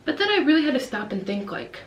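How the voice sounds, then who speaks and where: Talking quickly into her camera's built-in mic, this twenty-something English teacher vlogs casually and keeps acting out kids and teachers, herself included, in high, animated voices. The audio sounds dull and carries a roomy echo.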